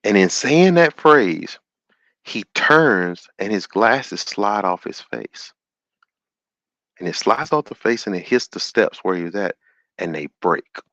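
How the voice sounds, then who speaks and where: A man hosting a call-in show, retelling a story in an animated, sermon-like way and acting out the quotes. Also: lowish voice, slow, no echo, lo-fi sound.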